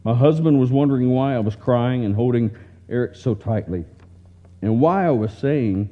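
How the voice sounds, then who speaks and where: A man's voice: mid-range voice, animated, normal speed. A man preaching, reading a heartfelt story aloud in a tender, earnest way, recorded in dull lo-fi sound.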